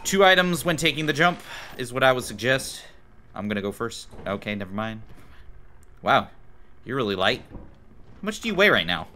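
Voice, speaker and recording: A man hosting gameplay in voice chat, excitable and jokey, swearing often. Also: medium pitch, normal speed, pauses often, a little hiss or hum. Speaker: gameplay video host. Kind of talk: gaming voice chat.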